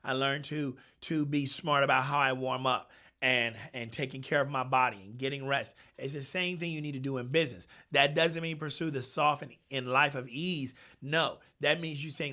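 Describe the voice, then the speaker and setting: Punchy, bright-voiced motivational coach man. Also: medium pitch, steady tone, normal speed. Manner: emphatic, punchy, repeats phrases for rhythm. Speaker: high performance coach and personal trainer. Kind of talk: motivational talk to camera.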